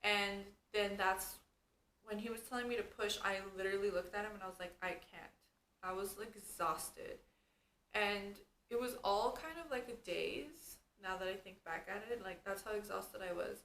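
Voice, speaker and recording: A woman's voice: medium pitch, moderate pace. Chatty young woman, filler-heavy storytelling. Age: young adult. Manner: animated, says "like" and "you guys" constantly. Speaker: vlogger. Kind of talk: casual storytime chat. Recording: echoey room with faint background noise.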